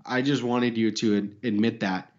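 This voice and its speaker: A man's voice: medium pitch, steady tone, moderate pace, a little mellow, lo-fi sound. A man co-hosting a podcast in casual banter, joking, laughing often and swearing. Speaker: podcast co-host.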